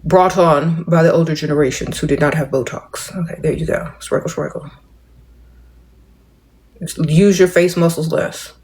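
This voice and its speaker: A middle-aged woman hosting a casual livestream and chatting with viewers. She speaks with very little mouth movement, in a restrained, measured and playful drawl, and calls viewers "darling" and "y'all.". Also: low voice, fairly even intonation, darkish tone. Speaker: livestream host. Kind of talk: casual livestream chat answering comments.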